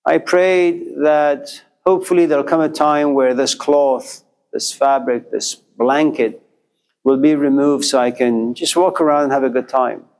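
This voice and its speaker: A man's voice: medium pitch, steady tone, measured pace, a little mellow. A man lecturing to a class, telling a life story in a repetitive, rhythmic way with quoted inner voices.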